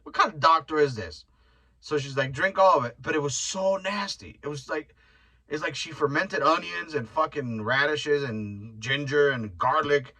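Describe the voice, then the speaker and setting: A man's voice: fairly high pitch, expressive, normal speed, pushed and bright, poor audio. A young man hosting his own podcast, telling rambling stories in a loose, profane, joking way. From Mexican heritage. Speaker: podcast host. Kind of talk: casual solo podcast rant.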